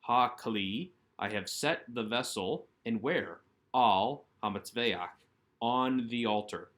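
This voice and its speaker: A man's voice: mid-range voice, slow, fairly bright tone. A man teaching Hebrew grammar in a recorded workbook lesson, patiently and methodically explaining each word.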